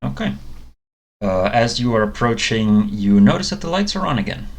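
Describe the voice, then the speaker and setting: A man narrating a tabletop game as game master, slow and halting with many pauses and fillers. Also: medium pitch, big pitch swings, slight background noise.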